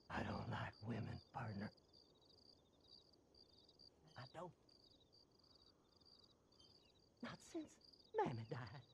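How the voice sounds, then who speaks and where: An actor playing a creepy, gleeful male grave robber who drawls, cackles and swings between whispers and shouts, in video game dialogue. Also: medium pitch, gravelly, full character voice. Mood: creepy murmuring. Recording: loud wagon and horse game noise.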